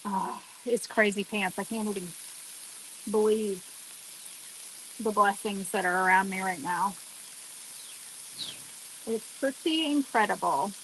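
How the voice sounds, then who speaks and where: A woman's voice: medium pitch, slight background noise. A woman vlogger chatting casually as she cooks outdoors on her deck, talking straight to her viewers with lots of exclamations. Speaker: cooking vlogger. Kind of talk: casual chat while cooking.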